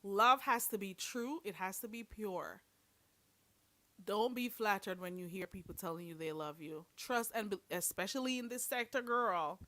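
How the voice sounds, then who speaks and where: A woman's voice: mid-range voice, moderate pace, a bit bright, dry recording. Blunt, sassy woman streaming commentary. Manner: blunt, sassy, preachy, calls listeners "girl". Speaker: livestream host. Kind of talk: livestream commentary.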